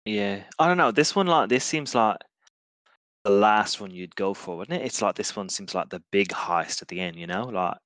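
A man's voice: fairly low pitch, animated, normal speed, fairly bright tone, no echo. A man playing a tabletop game, rambling playfully with lots of fillers and joking asides. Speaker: player. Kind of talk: casual tabletop play.

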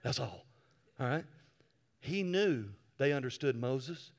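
A male pastor preaching a sermon, telling stories with animated swings from quiet asides to loud bursts. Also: mid-range voice, takes it slowly.

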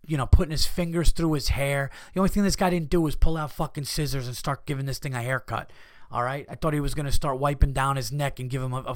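Comedian host, male, swearing storyteller, dry close mic, mid-pitched voice. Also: dry recording. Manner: profane, animated, acts out his own outbursts. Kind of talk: casual storytelling monologue.

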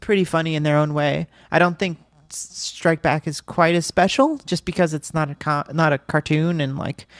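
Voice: mid-range voice, fairly even intonation, moderate pace, no echo. A podcast co-host chatting casually in a mid-range voice. Their talk is loose and full of fillers, broken up by giggles. The recording is dry and close. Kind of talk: casual chat.

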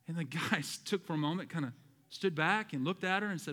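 Preacher guy, kinda high voice, big hall echo ringing behind him. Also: a little fast, sharp tone. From American South. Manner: emphatic preaching, calls out to the congregation. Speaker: pastor. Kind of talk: sermon.

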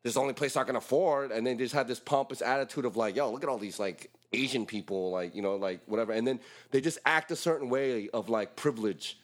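A man's voice: mid-range voice, fast, few pauses. A male co-host chatting casually, acting out quotes from stories, swearing and filling his talk with "like". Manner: animated, acts out quotes, swears, many "like"s. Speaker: co-host and bartender. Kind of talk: casual chat.

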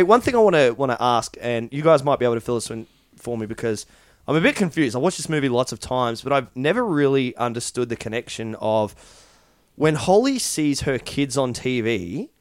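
Animated podcast co-host. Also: male voice, mid-range voice, dry recording, clean studio sound. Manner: animated, chatty, quick to joke. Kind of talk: casual chat.

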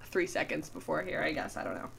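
A Canadian woman co-hosting a podcast, chatting casually about a TV episode and trailing off softly at the ends of her sentences. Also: deep voice, very animated, fast talker, gravelly, breathy edge. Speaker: podcast co-host.

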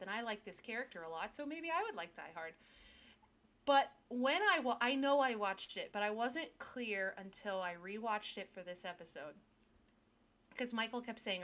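A woman's voice: mid-range voice, animated, moderate pace, fairly bright tone. A woman co-hosting a casual podcast chat, giggly and rambling, often restarting her sentences. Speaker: podcast co-host.

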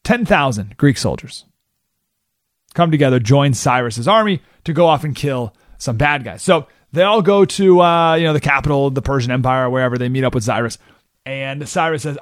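A man hosting a radio talk show, telling a history story in a casual, lively way and acting out the people's lines. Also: mid-range voice, brisk, no echo, studio quality. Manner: casual, animated storytelling, acting out quotes in voices. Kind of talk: radio monologue retelling history.

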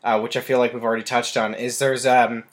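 A man's voice: medium pitch, level tone, fast. Rambling man with lots of fillers. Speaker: podcast co-host. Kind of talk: casual film-review chat.

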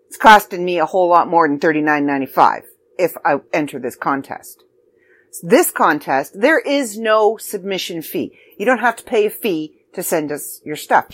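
A woman's voice: fairly low pitch, normal speed. A middle-aged woman from Canada, a magazine editor talking casually and promoting a writing contest with chatty, self-deprecating asides. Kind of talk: casual video announcement.

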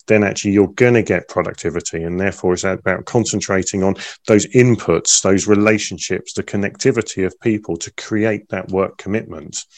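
A man's voice: low-pitched, a little fast, few pauses, no echo. A man interviewing a guest, talking casually and often repeating words as he stumbles. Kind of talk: conversational interview.

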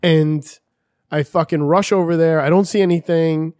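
A man's voice: fairly high pitch, steady tone, normal speed, darkish tone, dry recording, studio quality. A man telling a story in casual chat, swearing often and acting out the people he quotes.

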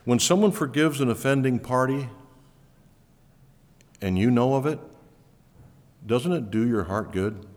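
A male pastor delivers a sermon with a lively, swinging pitch, lifting and pressing on each word he stresses before sinking low again. His voice rings through a church hall with a long reverb tail. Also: a little slow, pauses often. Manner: emphatic, rising to stress key words, then dropping low. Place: church auditorium.

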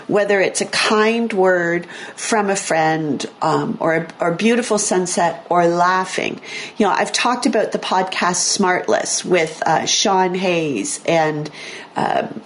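A woman hosting a radio talk show, explaining brain science in a chatty, self-correcting way, her voice a little hoarse. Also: on the low side, unhurried, slight background noise. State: slightly hoarse, losing her voice. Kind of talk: casual talk radio chat. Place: radio studio.

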